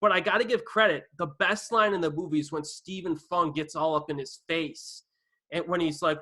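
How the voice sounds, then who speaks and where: A man with a fairly high, bright voice hosts a casual film podcast. He talks with enthusiasm, cracks jokes and slips in quick asides. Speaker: podcast host. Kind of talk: casual movie discussion.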